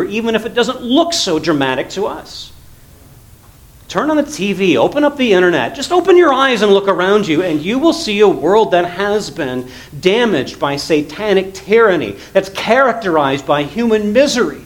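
A male pastor preaching an earnest sermon, rising to emphatic lines and dropping to quiet, low passages. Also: sing-song, moderate pace, rough recording. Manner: earnest preaching, swells loud then drops to quiet low tones.

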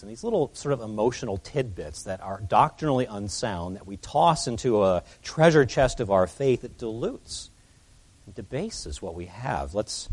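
A man's voice: fairly low pitch, sing-song, moderate pace, a little mellow, husky. A man preaching an expository sermon as pastor, earnest and emphatic, his voice rising and falling as he presses his points.

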